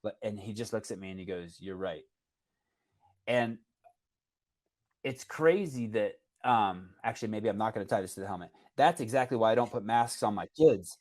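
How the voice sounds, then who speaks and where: A man hosting a casual podcast, telling a story in a rambling, animated way with many restarts. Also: on the low side, brisk. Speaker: podcast host.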